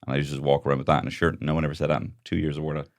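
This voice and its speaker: A man's voice: very deep voice, level tone, racing, dry recording, clean studio sound. An Irish man co-hosting a podcast, telling rambling comic stories with frequent laughs. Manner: rambling storyteller, laughs often. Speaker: podcast co-host. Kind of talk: casual comedic chat.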